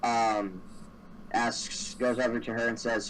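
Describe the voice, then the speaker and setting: A man running a tabletop game as dungeon master, loose and rambling, pausing to think. His mic picks him up from a distance, with faint background noise. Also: medium pitch, flat delivery, fairly bright tone. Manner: rambling, with many fillers.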